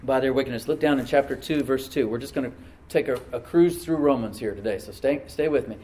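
A man's voice: medium pitch, a little fast, far from the mic. Preaching man with a roomy echo. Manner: preaching with sudden loud surges and soft asides; calls for responses from the congregation. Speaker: pastor. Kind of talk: sermon.

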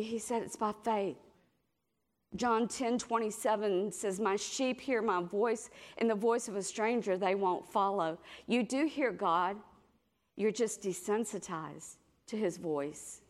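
A middle-aged woman preaches a sermon with animated storytelling. Her pitch sits in the middle, and she jumps into higher, brighter voices when she acts out what others said.

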